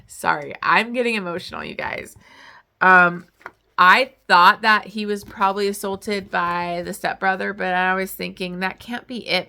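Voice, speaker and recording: A woman's voice: fairly low pitch, gravelly, sharp tone. A young woman talking casually about a book she just read, in a chatty way full of "like" and "um". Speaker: book vlogger. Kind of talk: casual book review chat.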